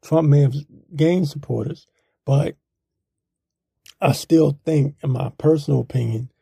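Man, blunt opinion monologue, very dark husky gravelly voice, dry close sound. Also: a little high, measured pace, no room sound. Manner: blunt, rambling, mocking. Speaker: political commentator.

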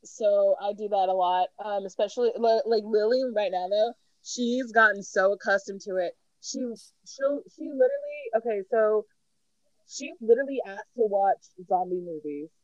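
A woman co-hosting a casual chat podcast, telling animated stories about her kids, laughing often and acting out their voices. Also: mid-range voice, moderate pace, no echo, lo-fi sound. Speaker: podcast co-host.

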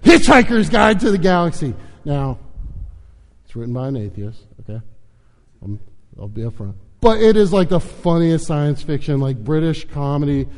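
A man's voice: medium pitch, expressive, normal speed, warm tone, in a large hall. A man as a pastor, opening a sermon in a casual, chatty way and retelling a story with many fillers.

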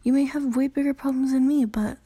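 A woman's voice: sits high, steady tone, fairly quick, dark tone. A woman in her late teens hosting her own podcast, talking in a rambling, self-conscious way, swearing often and filling gaps with "you know" and "I don't know". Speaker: podcast host. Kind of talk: casual solo podcast talk.

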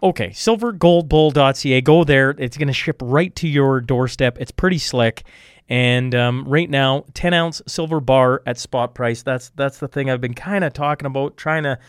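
A man's voice: mid-range voice, moderate pace, smooth, no echo, clean studio sound. A Canadian man hosting a podcast, fighting a cold, rambling through ad reads and tripping over his words with self-deprecating asides. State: has a cold. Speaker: podcast host reading sponsor ads. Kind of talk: casual podcast intro with ad reads.

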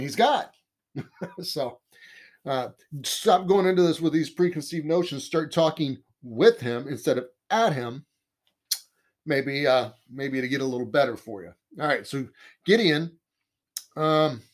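A man teaching the Bible in a conversational sermon, earnest and emphatic, often repeating key phrases. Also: fairly high pitch.

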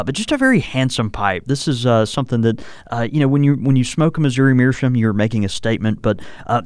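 A man with a smooth, resonant voice, co-hosting a relaxed podcast and rambling along with plenty of "uh" and "you know." The sound is dry and close to the mic, with no room around it. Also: medium pitch, no room sound. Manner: rambling, many fillers and restarts. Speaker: podcast co-host. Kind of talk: casual chat about pipes.

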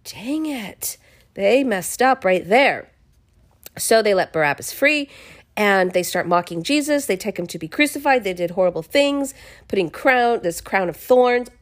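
A woman casually retelling a Bible chapter in her own words, expressive and chatty, often restarting her sentences. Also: mid-range voice, normal speed. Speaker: podcast host reading the Bible.

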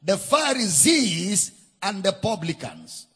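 A man with a Nigerian accent preaching a sermon, teaching with deliberate emphasis and spelling out words. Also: high-pitched, very animated, sharp tone, breathy edge. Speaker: pastor.

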